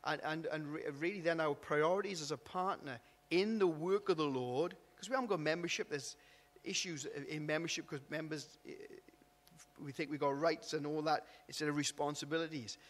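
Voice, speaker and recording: High-voiced preacher in a reverberant hall. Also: male voice, moderate pace. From Wales. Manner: conversational, repeats and restarts words, asks tag questions. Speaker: pastor. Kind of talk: sermon. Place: church hall.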